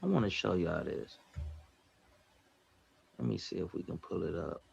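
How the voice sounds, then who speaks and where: A man's voice: low voice, expressive, normal speed, gravelly, darkish tone, slightly rough, highs cut off. A man hosting a casual livestream, bluntly reading out viewer comments and talking back to chat in a profane, direct way.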